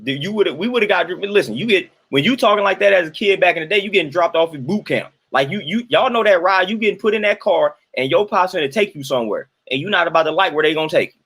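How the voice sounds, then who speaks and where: A man's voice: high voice, expressive, quick pace, hardly any pauses, fairly bright tone, slightly rough. A young adult man, casually talking to his livestream chat, colloquial and repeating himself for emphasis. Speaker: livestream host reading chat.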